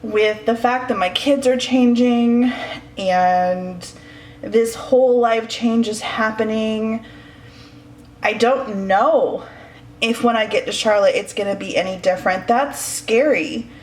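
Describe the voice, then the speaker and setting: A woman in her thirties talks slowly, in a slightly high voice, in a personal vlog recorded at home. She's candid and emotional, sighing often, and the indoor room sounds echoey.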